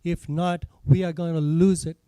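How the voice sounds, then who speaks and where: A man's voice: on the high side, flat delivery, moderate pace, warm tone, smooth. A man with a foreign accent giving an impassioned public comment at a town hall meeting, earnest and repeating his phrases. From not from this state.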